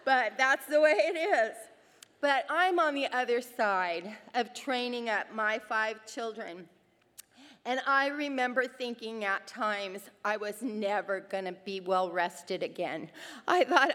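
A middle-aged woman, a mother of five, speaking to other mothers in an animated, storytelling way, acting out the voices she quotes. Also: a little high, measured pace, in a large hall. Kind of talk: faith-based talk with personal stories.

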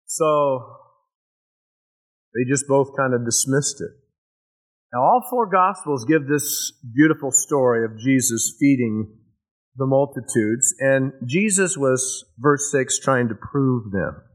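Animated storytelling male preacher. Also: mid-range voice, slow pace, poor audio. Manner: casual storytelling preaching, explains verse by verse; acts out scenes with sound effects and voices. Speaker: pastor. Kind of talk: sermon.

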